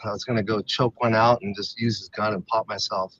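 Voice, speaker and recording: Open, halting man telling his story. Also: on the low side, level tone, a bit bright, lo-fi sound. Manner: halting, open, many fillers and restarts. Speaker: podcast guest, retired MMA fighter. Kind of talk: candid personal storytelling.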